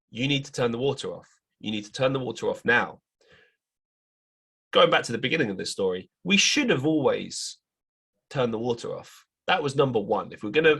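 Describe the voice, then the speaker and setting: A man's voice: medium pitch, breathy edge. A young man hosting a podcast, telling a story in a casual monologue and acting out the people he quotes. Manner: animated retelling, quoting others in raised voices. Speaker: podcast host.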